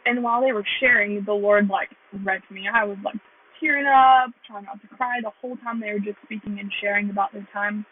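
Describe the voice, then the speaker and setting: Over a tinny, phone-like recording, a young woman from the United States tells her testimony as a vlogger, earnest and rambling, with "like" in nearly every phrase. She speaks briskly, her medium-pitched voice holding a steady tone.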